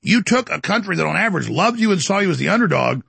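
A man hosts a talk show and rants through a boastful political monologue. His voice is high and swings widely, with a very gravelly, husky edge and a sharp, forceful tone. He slips into mocking voices as he goes. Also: very animated, quick pace, no room sound. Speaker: commentary show host.

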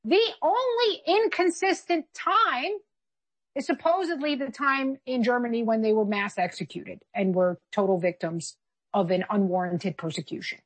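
A woman's voice: fairly high pitch, moderate pace. A woman co-hosting a political commentary chat, talking in an emphatic, argumentative way. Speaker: co-host.

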